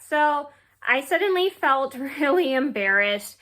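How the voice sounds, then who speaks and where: Bright, rambling young woman vlogger. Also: on the high side, normal speed. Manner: rambling, many fillers and restarts. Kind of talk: casual storytelling.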